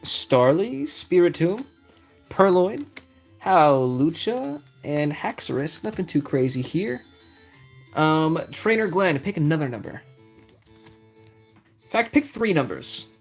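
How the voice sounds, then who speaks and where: A man's voice: on the high side, sing-song, takes it slowly, pauses often. A young man chatting casually on a live stream, reading out card names as he opens packs and answering his chat. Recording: faint music behind the voice.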